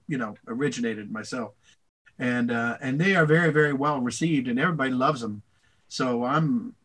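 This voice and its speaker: An older man, a voice actor, answering interview questions in a rambling, animated way, slipping into voices. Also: medium pitch. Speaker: voice actor guest.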